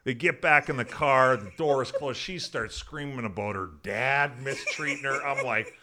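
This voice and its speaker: A man telling profane, animated stories as a podcast guest, laughing as he goes. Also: mid-range voice, normal speed. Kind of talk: casual storytelling.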